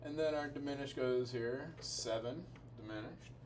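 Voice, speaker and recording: A man's voice: medium pitch, normal speed, darkish tone, slight background noise. A man giving a casual music lesson, explaining chords and melody as he thinks aloud. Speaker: music teacher. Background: piano music.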